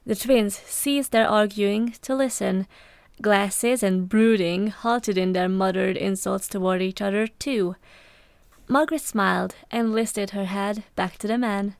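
A woman's voice: medium pitch, clean tone, dry recording. A woman reading a story aloud as narrator, telling it steadily and evenly. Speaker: podfic reader. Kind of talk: scripted narration.

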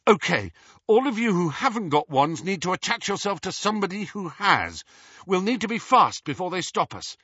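Guy doing a bossy urgent young wizard, bright raspy voice, dull dry audiobook. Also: high voice, big pitch swings, normal speed, no echo, voice pushed up, exaggerated voice. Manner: commanding, urgent. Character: young wizard posing as an imposing official.

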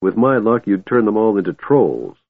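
A man's voice: fairly low pitch, sing-song, moderate pace, no room sound. A man voicing a tired, impatient male leader who speaks curtly, on a tinny, dry recording. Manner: curt, impatient.

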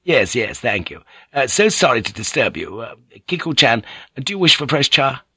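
A man's voice: mid-range voice, very animated, normal speed, bright, forceful tone, slightly rough, dry recording, studio quality, voice pushed up, exaggerated voice. A man reading a novel aloud and voicing a shrewd, earthy older woman who runs a teahouse, in a knowing, chuckling manner.

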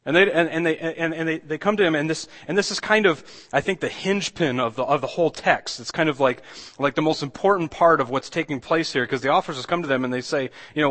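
A man's voice: mid-range voice, fairly quick, a bit bright, in a large hall. A man preaching a sermon as pastor, talking in a loose conversational way with many restarts and acting out the quoted lines.

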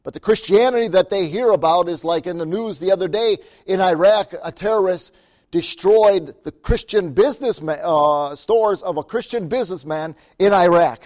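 Lively preacher man telling stories. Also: sits high, moderate pace. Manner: lively, laughs often, calls for amens. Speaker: missionary preacher. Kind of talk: sermon storytelling.

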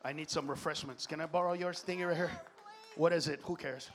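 A stand-up comedian who swears constantly and swings between loud outbursts and low muttered asides. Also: male voice, fairly even intonation, a little fast, a faint crowd. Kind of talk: stand-up routine.

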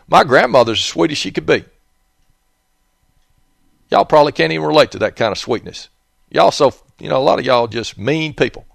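A man's voice: fairly high pitch, expressive, brisk, vocal fry, long pauses, breathy edge, no room sound, studio quality. Blunt, profane Southern man rambling. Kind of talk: rambling casual monologue.

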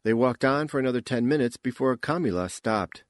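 A man narrating an audiobook in an unhurried, expressive manner. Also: medium pitch, no echo, clean studio sound. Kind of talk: scripted narration.

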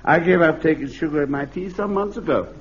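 A man playing a timid, gentle old man. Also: fairly high pitch, a little fast, natural voice. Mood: mild. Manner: soft-spoken, hesitant. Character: gentle, timid elderly man, mild and polite. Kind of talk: vintage radio comedy acting. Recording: dull lo-fi archive radio recording.

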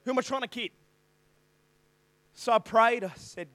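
An Australian man with a strikingly high voice preaches to a youth group, spinning a self-mocking story with plenty of jokes. He is animated and keeps calling out to the crowd for replies, and the sound is close and dry with no room echo. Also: moderate pace.

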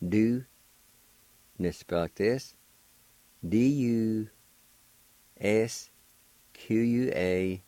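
An older man from Oklahoma with a low, dark voice, teaching words on the radio. He spells each one slowly and deliberately, letter by letter, then repeats it. The sound is close and dry. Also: no room sound. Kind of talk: slow spelling and pronunciation lesson.

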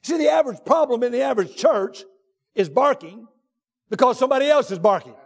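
A man with a very high voice preaches in a church, his words ringing out in a long hall reverb. He drags out his phrases and repeats them, then shouts his key points. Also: lively intonation. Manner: drawn-out deliberate phrasing with repetitions. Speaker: pastor. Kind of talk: sermon. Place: church sanctuary.

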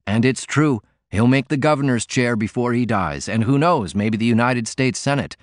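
A man's voice: mid-range voice, animated, moderate pace, dry recording, clean studio sound, lightly acted. A man reading as a defiant, cutting young working man. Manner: pointed, argumentative.

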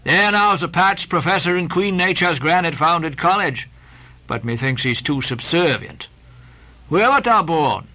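A man's voice: fairly high pitch, animated, a little slow, pushed and bright. Casual: guy playing a brooding old sea captain, bossy and grand, swoops around a lot. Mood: commanding. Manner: commanding, declamatory, old-fashioned speech.

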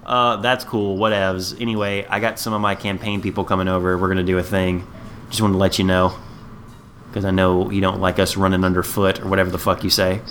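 A man's voice: low voice, little pitch movement, a little fast, fairly bright tone, slight background noise, voice pushed down. A man voicing a smug teenage student president who brushes people off in an offhand way. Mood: dismissive. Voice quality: offhand, dismissive.

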